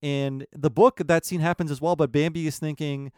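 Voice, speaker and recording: A man hosting a podcast, telling a story in a lively way and acting out the quotes. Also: on the high side, moderate pace, hardly any pauses, clear, resonant tone, no echo, clean studio sound. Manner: animated storyteller, acts out quotes. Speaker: podcast host. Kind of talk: casual podcast chat.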